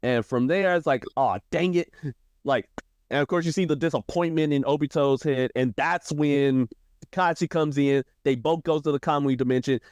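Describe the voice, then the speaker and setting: Guy on a podcast breaking down anime plot, animated, does little character voices, dry close mic. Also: moderate pace, clean tone, no room sound. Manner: animated, acts out character quotes with shifting pitch. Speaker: podcast co-host. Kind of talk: casual anime discussion.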